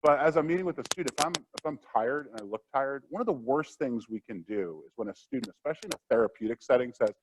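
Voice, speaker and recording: A man's voice: medium pitch, fast, hardly any pauses. Chatty guy teaching a workshop, voice bouncing up and down, hiss under it all. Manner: conversational, acts out quotes. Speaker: workshop presenter. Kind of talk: lecture. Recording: steady background noise.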